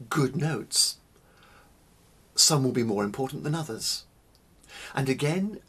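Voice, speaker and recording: Male music teacher, breathy, unhurried, deliberate delivery with stressed single words. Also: medium pitch, a bit bright. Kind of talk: spoken lecture on music.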